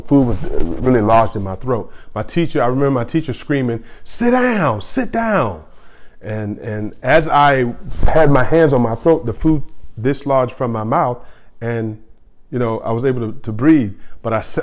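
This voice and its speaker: A man's voice: medium pitch, a little mellow. A middle-aged man, a pastor, giving a sermon in a conversational way, often repeating phrases and restarting.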